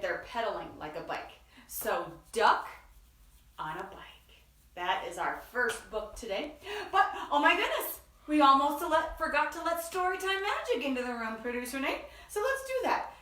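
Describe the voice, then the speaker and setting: A woman hosting a children's story time, leading songs and call-and-response in an animated, sing-song way. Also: high voice, moderate pace, distant mic. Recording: echoey room, voice away from mic.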